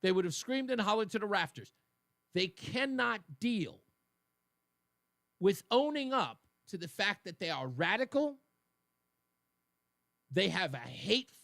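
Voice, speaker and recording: With a gravelly voice, a male talk radio host pushes his views in an emphatic, argumentative monologue that moves between loud and low. The recording has studio quality and no room sound.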